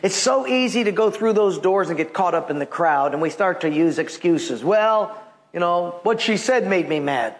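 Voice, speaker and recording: A man's voice: expressive, normal speed. A man preaching a sermon, telling stories and acting out the voices of people in them. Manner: storytelling, acts out quoted voices with big pitch jumps. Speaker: pastor.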